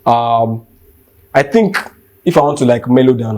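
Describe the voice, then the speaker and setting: A man's voice: medium pitch, measured pace, darkish tone. A young Nigerian man hosting a podcast, ranting with heat and emphasis, driving his points home by repeating them. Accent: Nigerian English. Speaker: podcast host. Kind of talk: impassioned rant.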